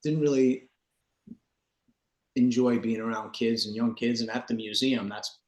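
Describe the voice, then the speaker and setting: A man's voice: medium pitch, fairly even intonation, unhurried. A man, a dog trainer, telling a story as a podcast guest in an earnest, rambling way, with many restarts and "man" fillers. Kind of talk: casual storytelling. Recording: roomy echo.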